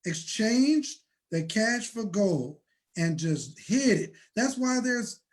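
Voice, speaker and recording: A man hosting a motivational money talk, preaching and building to shouts. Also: high-pitched, big pitch swings, takes it slowly. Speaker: host.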